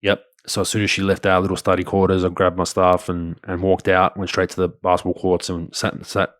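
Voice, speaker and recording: Deep-voiced man telling stories. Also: a little fast, no room sound, studio quality. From Australia. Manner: blunt, crude, animated anecdotes. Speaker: podcast host. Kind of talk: casual storytelling.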